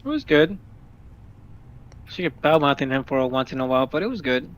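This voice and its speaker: A man playing a blunt, cheeky fourteen-year-old girl in a tabletop game, speaking deadpan. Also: mid-range voice, brisk. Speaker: player.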